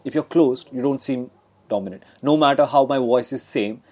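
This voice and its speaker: A man's voice: mid-range voice, moderate pace, darkish tone. Man explaining communication skills. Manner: explanatory, with frequent fillers and restarts. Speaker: guest speaker. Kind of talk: educational talk on communication.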